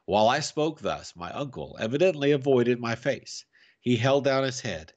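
Male storyteller, family read-aloud, animated, middle pitch. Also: moderate pace, highs cut off. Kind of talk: reading a novel aloud to families.

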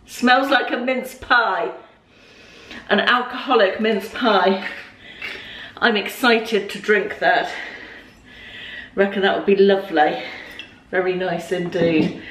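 A woman's voice: mid-range voice, steady tone, a little slow, long pauses, a bit bright. A woman, chatting casually at home as a lifestyle vlogger, rambling with lots of ums and asides. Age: 50s. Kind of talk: casual chat to camera. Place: home, indoors.

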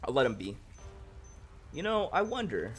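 Excitable bright-voiced young male streamer. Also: mid-range voice, moderate pace, faint music behind. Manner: excitable, joking and thanking chat. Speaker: livestreamer. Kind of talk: casual gaming livestream chat.

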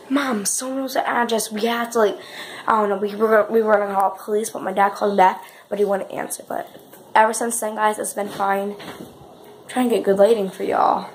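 Woman, casual vlog chat, rambling, mid-pitched voice, faint background hiss. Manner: chatty, says "guys" constantly, rambling with restarts. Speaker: vlogger.

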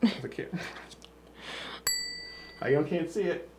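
A man's voice: fairly high pitch, animated, takes it slowly, warm tone, a little hiss or hum. A man hosting a comedy show, bantering through a party game in a teasing, sarcastic way and laughing often.

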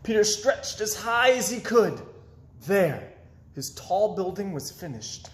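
A man reading children's picture books aloud in an expressive storytelling voice. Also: high-pitched, slow pace, echoey room. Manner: expressive, with swoops up and down. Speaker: children's book reader.

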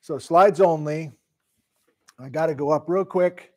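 A man's voice: fairly high pitch, unhurried, mellow. Flustered middle-aged man lecturing live. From Wisconsin, USA. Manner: flustered, thinking aloud, self-talk. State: sleep deprived. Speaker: geology lecturer. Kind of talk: casual live-stream lecture.

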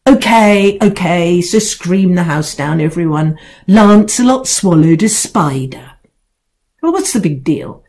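A woman's voice: lowish voice, expressive, unhurried, a little mellow. A woman voicing a grumpy, self-pitying male house cat who talks back with indignant sarcasm.

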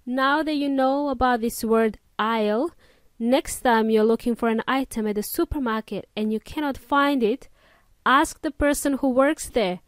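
Bright, upbeat podcast teacher woman. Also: fairly high pitch, normal speed, clear, resonant tone, dry recording. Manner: upbeat, chatty, slangy. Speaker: English teacher and podcast host. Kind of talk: podcast language lesson.

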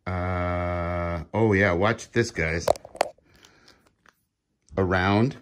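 Slow, low-voiced man. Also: fairly even intonation, background noise. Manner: slow, easygoing, praising a dog in short commands. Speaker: dog owner filming a training demo. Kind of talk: casual vlog, giving commands to a dog. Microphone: handheld camera he films himself.

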